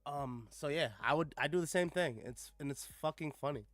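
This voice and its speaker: A man's voice: on the high side, moderate pace, no echo, faint music behind. Sarcastic man, slangy reaction talk. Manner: sarcastic, peppered with "like" and "bro", profane. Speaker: reaction commentator. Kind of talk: casual reaction commentary with read-aloud passages.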